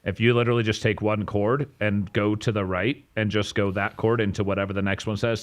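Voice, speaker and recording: A man's voice: on the low side, level tone, fairly quick, hardly any pauses. A man co-hosting a live music feedback stream, talking in an enthusiastic, emphatic, casual way. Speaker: co-host giving music feedback.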